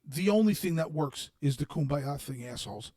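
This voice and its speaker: A man's voice: on the high side, animated, normal speed, dry recording, studio quality. Blunt, profane man in his forties. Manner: blunt and heavily profane, swinging from quiet reflection to shouted anger. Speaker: streamer addressing his audience. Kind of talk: unscripted monologue.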